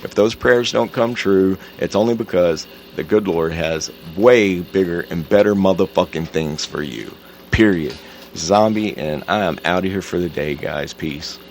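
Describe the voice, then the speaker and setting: A man's voice: deep voice, unhurried, darkish tone, slight background noise. A man hosting his own podcast, talking casually and telling a joke with a laid-back, profane drawl. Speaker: podcast host.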